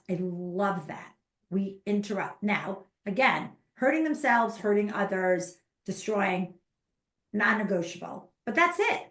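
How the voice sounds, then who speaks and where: A woman's voice: mid-range voice, vocal fry. Emphatic woman coach in an echoey room. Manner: animated, emphatic, acts out parents and kids in quotes. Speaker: ADHD parenting coach, podcast guest. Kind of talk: casual interview chat.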